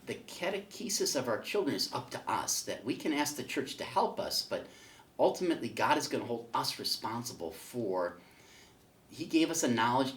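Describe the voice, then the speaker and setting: A man's voice: on the low side, fairly bright tone, echoey room, a little hiss or hum. A man teaching a catechism class in a casual, folksy way, telling a joke and then making his points. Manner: storytelling, folksy, with fillers. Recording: voice picked up from a distance.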